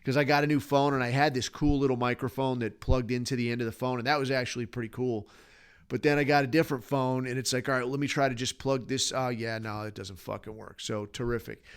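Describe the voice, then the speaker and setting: A man's voice: medium pitch, smooth. A man hosting a podcast, ranting alone in a rambling, profane, sardonic way. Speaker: podcast host. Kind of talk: casual solo rant.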